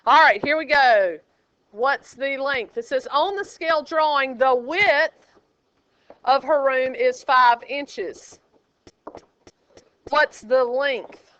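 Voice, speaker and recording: A sassy woman teacher jokes with her class while walking through problems. Her voice sits high and sounds bright and smooth. The classroom recording is dull and lo-fi. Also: takes it slowly, long pauses, dry recording. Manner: sassy, teasing and lively with students. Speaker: math teacher.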